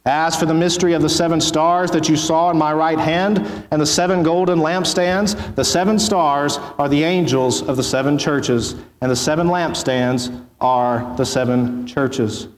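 A man preaching as pastor, reading scripture in a solemn, measured way before his sermon. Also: fairly high pitch, steady tone. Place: church sanctuary. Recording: echoey church hall.

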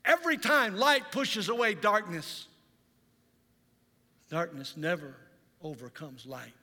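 A male pastor preaching a Sunday sermon in a church, telling stories in an animated, dramatizing way. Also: high voice, slow, long reverb tail. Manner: animated storytelling, dramatizes scenes. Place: church sanctuary.

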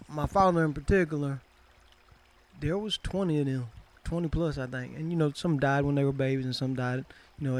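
A middle-aged man giving casual personal commentary in a folksy, rambling way, with many restarts. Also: mid-range voice.

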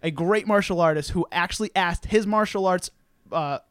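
A young man telling a wild story in casual, profane podcast chat, acting out the people in it loudly. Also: sits high, moderate pace, smooth, no room sound. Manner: animated, profane, acts out quoted people loudly.

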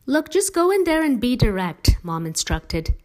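A woman voicing a devoted middle-aged mother who speaks emphatically and persuasively, with gentle teasing. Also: on the high side, big pitch swings, normal speed, pitched above the performer's own voice.

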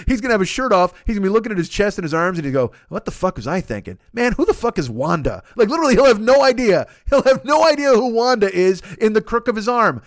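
Animated, profane man telling a story. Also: sits high, dry recording, studio quality. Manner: profane, animated, acts out voices in his stories. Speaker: podcast host. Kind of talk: comic storytelling monologue.

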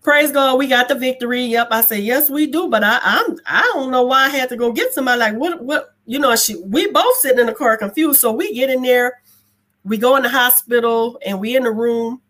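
A woman guest telling a personal story in a casual chat, colloquial and animated, acting out the dialogue and laughing as she goes. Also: a little high, a little fast. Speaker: guest sharing a testimony.

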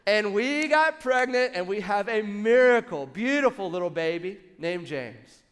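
Animated male preacher in a reverberant hall. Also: high voice, measured pace. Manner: animated storytelling with audience asides. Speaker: worship pastor. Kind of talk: sermon.

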